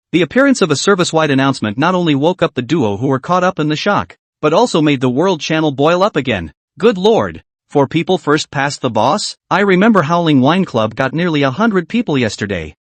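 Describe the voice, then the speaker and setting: Brief: male narrator, lively read-aloud story recap, fairly high voice. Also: dry recording. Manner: steady read-aloud delivery.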